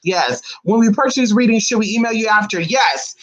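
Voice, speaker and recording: A spiritual reader chatting live with viewers in a sassy, fast way, calling them honey, with big swings in pitch. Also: lively intonation, fairly bright tone, muffled recording. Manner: talks fast. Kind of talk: live-stream chat with viewers.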